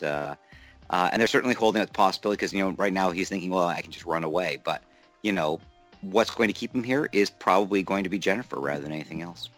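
A man's voice: deep voice, a bit bright. A man co-hosting a podcast in casual chat, thoughtful, with frequent "uh" and "you know". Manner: thoughtful, many fillers. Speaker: podcast co-host.

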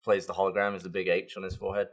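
A man with a fairly low voice talks fast and chatty on a podcast. He rushes through a memory in casual conversation. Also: level tone. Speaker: podcast co-host. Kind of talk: casual chat.

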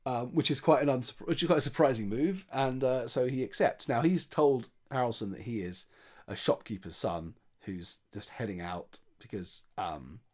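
A man's voice: mid-range voice, moderate pace, hardly any pauses, darkish tone. A man chatting casually, retelling a film's plot with many restarts and quoted lines. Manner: chatty, rambling, with frequent restarts and voiced quotes. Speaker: podcast film reviewer.

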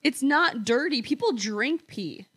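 A woman's voice: high-pitched, expressive, unhurried, fairly bright tone, husky. A woman co-hosting a podcast, chatty and casual, often trailing off and restarting, in an apartment. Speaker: podcast co-host. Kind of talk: casual chat.

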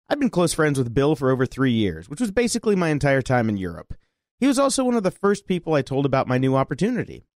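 A man co-hosting a podcast, reading listener letters aloud in an expressive, animated way. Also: on the high side, no echo, clean studio sound.

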